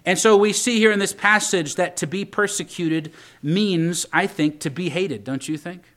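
A man's voice: sits high, normal speed, a bit bright. A man preaching a sermon as pastor, emphatic, with questions and asides to the congregation.

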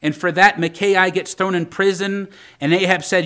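A pastor delivering a sermon, his voice sitting a little higher than most men's. He preaches emphatically, turning often to the congregation with questions and asides. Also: fairly even intonation, moderate pace, fairly bright tone.

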